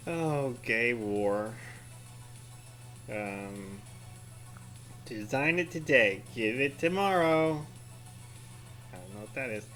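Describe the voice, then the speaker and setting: A man's voice: mid-range voice, expressive, slow, long pauses, fairly bright tone, soft background music. A man eating chili as he scrolls his feed, rambling, giggling and trailing off mid-sentence. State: eyes watering from spicy food. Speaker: vlogger. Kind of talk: casual commentary while eating.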